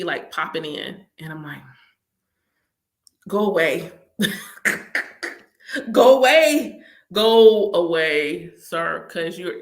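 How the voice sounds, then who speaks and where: A woman's voice: lowish voice, pushed and bright. A woman hosting her own channel, telling personal stories casually with lots of laughter and acted-out reactions. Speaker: channel host.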